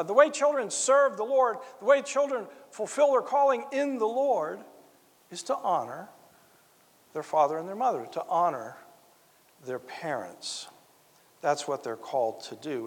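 A man preaching a sermon, earnest and emphatic, driving points home by repeating key phrases. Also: very high voice. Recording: long reverb of a large hall.

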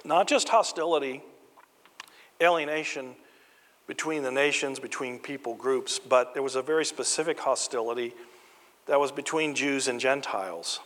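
A man's voice: mid-range voice, normal speed, fairly bright tone, big-room sound. An American man preaching a sermon, earnest and building emphasis on key phrases, mixing in light stories. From United States. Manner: storytelling asides with light humor.

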